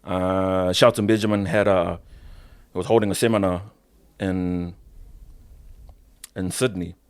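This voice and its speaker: Kiwi guy w a lowish voice, wrestler on a podcast, super casual, lots of bro and swearing. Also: fairly even intonation, unhurried, clear, resonant tone. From New Zealand. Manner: loose slangy talk, swears often, says "bro". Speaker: professional wrestler, podcast guest. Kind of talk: casual interview storytelling.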